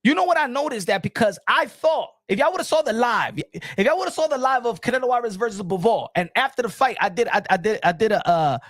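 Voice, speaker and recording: A man with a notably high voice hosts a casual live boxing stream, talking in long rambling runs that keep circling back with "you know what I'm saying". The sound is close and dry, with no room around it. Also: animated, fast, fairly bright tone, no room sound. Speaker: boxing channel host.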